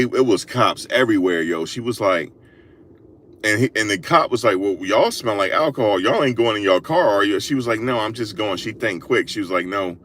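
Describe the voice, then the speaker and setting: Man, deep-ish voice, slangy storyteller, animated and repetitive, recorded on a phone in a car. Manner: animated, slangy, repeats himself, laughs a lot. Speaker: vlogger. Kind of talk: storytelling monologue. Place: in a parked car.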